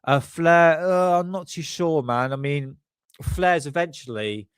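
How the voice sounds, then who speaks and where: A man's voice: fairly high pitch, measured pace, clear, resonant tone, no echo, clean studio sound. A man hosting a casual livestream, rambling and chatty with a blocked-up nose. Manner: rambling, chatty, self-correcting. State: congested, stuffy sinuses. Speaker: livestream host.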